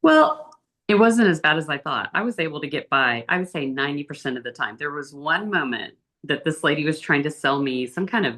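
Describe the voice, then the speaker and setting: A middle-aged woman, the interview guest, telling her travel stories in a chatty, animated way. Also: fairly quick. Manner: chatty, animated storytelling with big pitch lifts. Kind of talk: casual interview storytelling.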